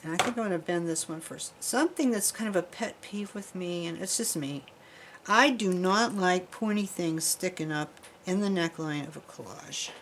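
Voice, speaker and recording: A woman's voice: lowish voice, moderate pace, a bit bright, a little hiss or hum, rough recording. Chatty woman demonstrating jewelry crafts. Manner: chatty, rambling, talks while working with her hands. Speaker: jewelry-making instructor. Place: craft workshop.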